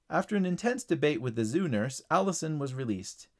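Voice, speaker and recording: A man narrating a short storybook reading in a steady, plain storytelling way. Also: on the high side, a little fast.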